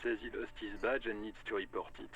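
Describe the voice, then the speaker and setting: A man's voice: on the low side, flat delivery, brisk, a bit bright, muffled recording, faint music behind, natural voice. An actor playing a male police radio dispatcher in a video game, speaking in dry, formal radio talk.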